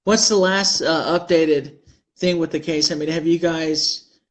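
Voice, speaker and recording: A man's voice: fairly high pitch, steady tone, measured pace. A man hosting a casual talk show, rambling through heated opinions with laughs between phrases. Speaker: host.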